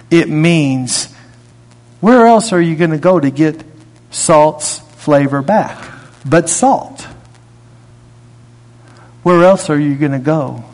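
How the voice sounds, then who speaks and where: A man preaching a sermon in a conversational way, reading scripture aloud and rising in pitch to stress his points. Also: darkish tone. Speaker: pastor. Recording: long hall reverb.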